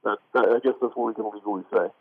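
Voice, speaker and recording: This man's lowish, steady voice races along very fast as he co-hosts a casual sports talk radio show over a tinny phone line. He rambles, restarting a lot and leaning on "like", with frequent laughter.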